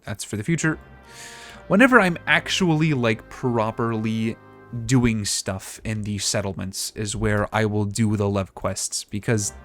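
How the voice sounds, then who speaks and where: A man's voice: fairly low pitch, measured pace, faint music behind. Chatty man streaming a game. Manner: relaxed, chatty, thinking aloud. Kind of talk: casual gameplay commentary.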